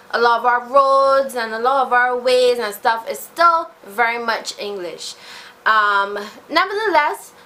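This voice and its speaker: Young woman, Barbadian accent, casual Q&A vlog, bright tone, slightly high pitch. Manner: chatty, informal, fillers. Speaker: beauty vlogger.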